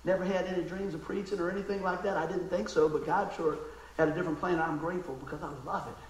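A man preaching in a folksy, emotional storytelling style, dropping to a hush and then rising to exclaim. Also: high voice, fairly even intonation, fast, reverberant, slight background noise, rough recording. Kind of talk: storytelling sermon.

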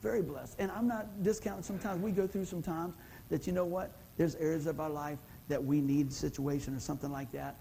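High-voiced folksy pastor preaching. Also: male voice, fairly even intonation, brisk, gravelly, dark tone, slight background noise, rough recording. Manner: folksy, conversational, calls out to the congregation. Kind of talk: sermon.

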